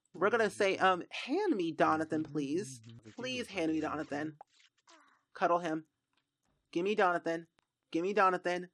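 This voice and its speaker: A woman streamer giving let's play commentary, exasperated and animated, talking straight to the game characters and retelling the drama. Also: on the low side, no room sound. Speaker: gaming streamer.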